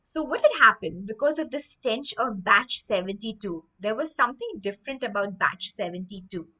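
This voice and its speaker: A woman teacher reading a story aloud to children, stopping often to explain words with animated, emphatic delivery. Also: mid-range voice, normal speed, poor audio.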